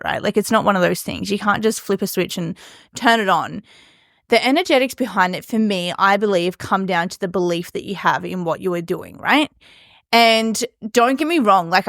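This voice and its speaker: A woman's voice: medium pitch, gravelly, fairly bright tone, dry recording, clean studio sound. A young woman hosting her solo podcast, talking casually and emphatically with lots of "like". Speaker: podcast host.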